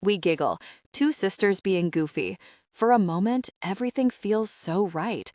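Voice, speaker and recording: A woman reads a first-person audiobook in a steady, even way. Her voice sits at a middle pitch. The recording is dry and close, with no room sound. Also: a little slow, dry recording. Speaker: audiobook narrator. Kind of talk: first-person scripted narration.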